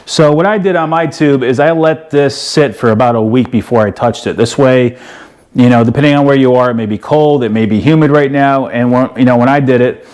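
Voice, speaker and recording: A man's voice: mid-range voice, a little fast, a little mellow, clear, resonant tone. A middle-aged man hosting a casual how-to video, walking through a project in a folksy, rambling way with lots of fillers. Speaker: DIY video host.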